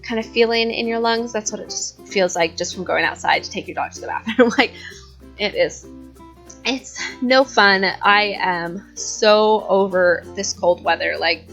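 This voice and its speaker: A woman's voice: mid-range voice, measured pace, a bit bright, faint music behind. Chatty young woman, a bit out of breath. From California. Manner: chatty and rambling, with fillers and giggles. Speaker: YouTube host. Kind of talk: casual chat over gameplay.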